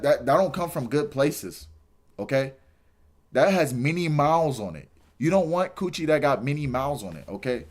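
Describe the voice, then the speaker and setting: A young man ranting on his livestream, exasperated and animated, repeating himself and shouting in disbelief. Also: on the high side. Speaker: streamer. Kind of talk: casual livestream rant.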